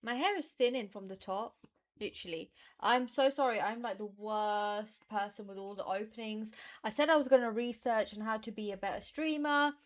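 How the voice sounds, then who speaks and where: A woman's voice: on the high side, normal speed. A British woman streaming from a room at home, chatting casually in a rambling, self-deprecating way. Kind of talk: casual livestream chat.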